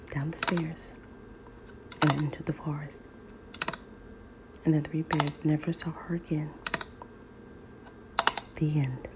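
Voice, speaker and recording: A woman reading a children's story in soft ASMR whispers, over loud nail tapping clicks. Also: low-pitched, very noisy. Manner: soft, slow, soothing reading.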